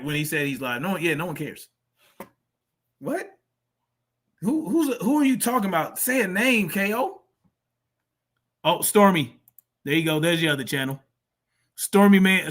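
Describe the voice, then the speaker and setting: A man's voice: on the high side, a bit bright. A man hosting a live stream, reacting to clips with blunt, profane, mocking commentary. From family from Mississippi. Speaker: streamer host.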